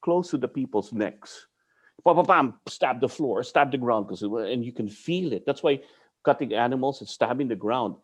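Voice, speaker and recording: A man's voice: medium pitch, lively intonation, moderate pace. A man from the Philippines tells a story with a voice that swings widely up and down. He talks bluntly as a martial arts guest and drops curses along the way. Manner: blunt, swears freely, mixes in Tagalog curses. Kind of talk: animated storytelling.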